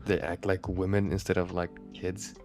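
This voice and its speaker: A young man with a very deep voice chats eagerly about new releases, peppering his talk with "like". Quiet music plays faintly in the background. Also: level tone, moderate pace. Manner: chatty anime fan, says "like" a lot. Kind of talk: casual chat.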